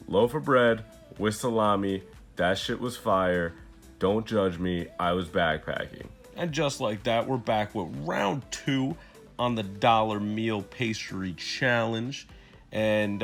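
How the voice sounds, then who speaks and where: A man's voice: mid-range voice, vocal fry, fairly bright tone. A young man vlogging while walking around a city, chatty and self-mocking as he talks to a handheld camera. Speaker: travel vlogger. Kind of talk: casual vlog to camera.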